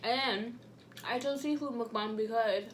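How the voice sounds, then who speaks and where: A woman hosting a mukbang, talking softly in a slangy, chatty way while she eats. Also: on the high side, unhurried, slight background noise. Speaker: mukbang host. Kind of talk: casual chat while eating.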